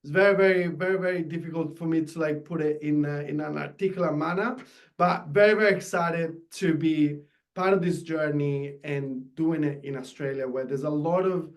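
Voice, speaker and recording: A man from Italy with an Italian accent, talking as an interview guest in an enthusiastic, halting way with many restarts. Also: on the high side, steady tone. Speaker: guest, tailor. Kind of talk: casual interview.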